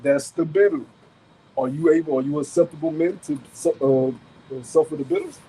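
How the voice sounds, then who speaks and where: Guy street preaching outside, cusses a lot, repeats himself, kinda high voice, some noise around. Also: steady tone, fairly quick, warm tone, low-quality recording. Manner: emphatic, profane, repetitive, rhetorical questions. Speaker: camp elder and teacher. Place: outdoors.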